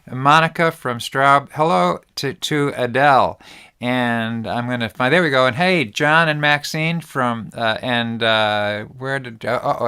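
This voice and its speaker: A man hosting an online video call, greeting viewers in a chatty, halting way with many fillers. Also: mid-range voice, sharp tone, clean tone. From Vermont, USA. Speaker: host.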